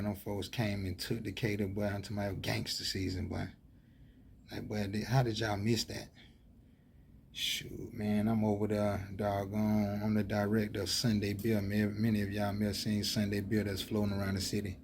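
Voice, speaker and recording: A man's voice: lowish voice, monotone, normal speed, gravelly, a little hiss or hum. A man with an Atlanta Southern accent talking in a rambling, heated monologue full of fillers. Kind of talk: casual street talk monologue.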